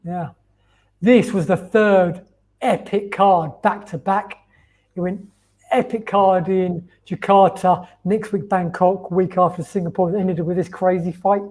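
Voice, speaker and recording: A man's voice: sits high, fairly even intonation, measured pace, darkish tone. A man co-hosting a casual live chat over a video call, enthusiastically recalling fights he covered. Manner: enthusiastic, anecdotal. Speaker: show co-host and fight reporter.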